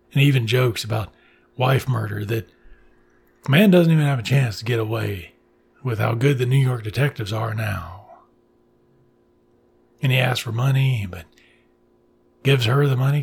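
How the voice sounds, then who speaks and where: Man, film recap vlogger; heavy vocal fry, very raspy tone, loose and profane delivery. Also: mid-range voice. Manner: loose, profane, rambling retelling. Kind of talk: casual movie recap and review.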